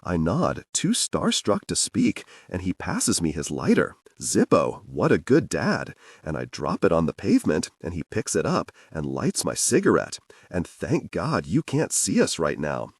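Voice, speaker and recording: Brief: low-voiced male audiobook narrator, sardonic and lively, dry close mic. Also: moderate pace, few pauses, breathy edge, no echo. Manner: sardonic, obsessive inner monologue. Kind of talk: first-person thriller narration.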